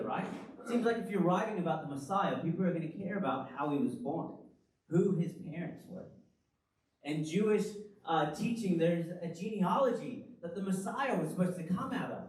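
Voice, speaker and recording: A man preaching a sermon as pastor, in an animated, conversational style full of rhetorical questions. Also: high voice, a little hiss or hum. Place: church hall. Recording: very echoey hall, from the far mic.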